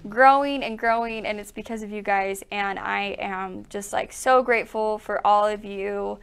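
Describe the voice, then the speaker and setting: Young woman gushing on a shop live video, laughs a lot, smooth clear voice. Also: mid-range voice, fairly even intonation, moderate pace, a bit bright. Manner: bubbly, gushing, laughs often. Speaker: quilt shop co-host. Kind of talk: casual livestream chat.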